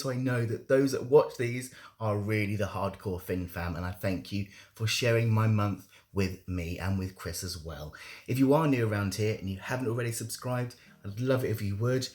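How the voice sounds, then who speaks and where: A man's voice: mid-range voice, moderate pace, darkish tone. A young man vlogging in a casual, candid way, joking about himself. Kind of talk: casual monthly vlog.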